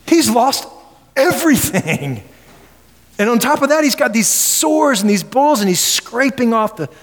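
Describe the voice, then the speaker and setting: Man, sermon, emphatic, rhetorical questions, reverberant church sanctuary. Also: fairly high pitch. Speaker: preacher. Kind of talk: expository sermon. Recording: long reverb of a large hall.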